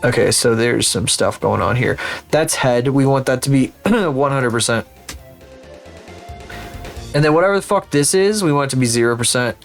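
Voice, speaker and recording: A man's voice: mid-range voice, expressive, normal speed, gravelly, long pauses. Man, live streamer, casual profane chat, sarcastic, talks to chat, faint background music.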